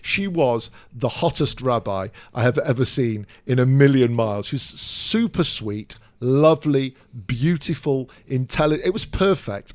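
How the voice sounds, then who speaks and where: A man co-hosting a podcast, telling a funny travel story in a chatty, apologetic way. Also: mid-range voice. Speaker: podcast co-host. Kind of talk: casual chat and storytelling.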